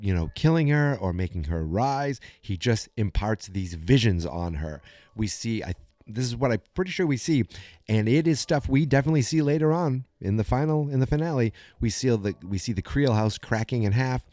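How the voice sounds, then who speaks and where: A man hosts a podcast and recaps an episode in a chatty, animated way. His voice sits a little low. The recording is close and dry with no room sound. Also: no room sound. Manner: chatty, animated storytelling with many fillers and restarts. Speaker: podcast host.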